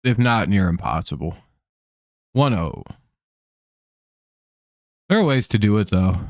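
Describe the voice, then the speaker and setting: A man with a lowish voice hosts a live stream, talking in a loose, rambling way between calls of balls and strikes. His voice sits dry and close to the mic. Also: sing-song, takes it slowly, no room sound. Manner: rambling and offhand, calling the count. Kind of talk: casual chat while watching a baseball game.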